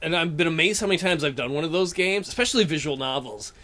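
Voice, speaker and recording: Bright, lively-voiced joking man. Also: a little high, quick pace. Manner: joking, does silly voices. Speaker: podcast co-host. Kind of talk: casual chat.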